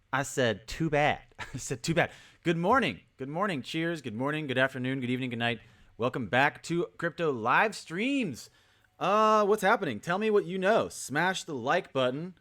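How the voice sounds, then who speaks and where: A man hosting a casual livestream, cheerfully repeating greetings and calling out viewers by name. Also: medium pitch. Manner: upbeat, repetitive greetings, shouting out viewers. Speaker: crypto livestream host.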